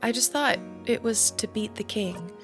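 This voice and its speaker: A woman's voice: a little high, normal speed, close to an everyday voice. A woman reading the lines of a troubled young rogue in an earnest, uncertain tone. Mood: lost. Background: game music.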